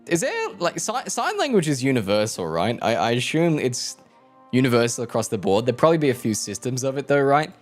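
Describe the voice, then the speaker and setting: A man's voice: medium pitch, huge pitch swings, brisk, soft background music. A young man live streaming, rambling, joking and swearing freely as he talks to his chat. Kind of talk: casual stream chat with viewers.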